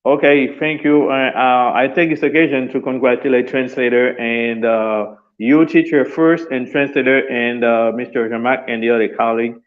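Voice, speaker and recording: A man's voice: mid-range voice, steady tone, normal speed, hardly any pauses. A man with a Haitian accent, a student giving his opinion in a class debate, hesitating with many fillers and restarts. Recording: tinny phone-like line.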